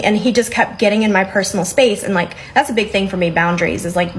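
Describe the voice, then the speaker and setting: A woman's voice: medium pitch, quick pace, few pauses, a little hiss or hum, low-quality recording. A young adult woman telling a story to her phone camera in a chatty, rambling way. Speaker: storyteller recounting a date.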